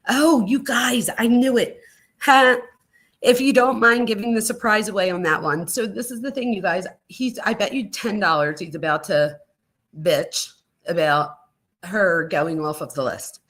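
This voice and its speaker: A woman runs a live true crime reaction stream. She chats casually and with animation, often addressing her viewers directly. Her voice sits at a middle pitch. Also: moderate pace, slightly rough. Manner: chatty, animated, talks to chat viewers. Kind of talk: live-stream reaction reading letters aloud.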